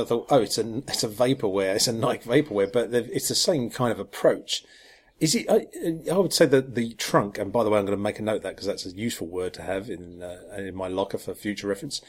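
A man co-hosting a casual podcast, talking with lots of ums, restarts and soft chuckles. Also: medium pitch, slightly rough. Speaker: podcast co-host. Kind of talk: casual chat about football kits.

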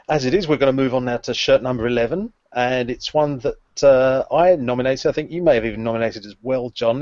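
A man steers a relaxed podcast chat, pausing on ums and uhs as he goes. His voice sits at an ordinary pitch. The sound is dry and a little dull, like a modest home recording. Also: no room sound. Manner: chatty, hesitant with frequent ums and uhs. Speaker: podcast co-host leading the discussion. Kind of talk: casual chat.

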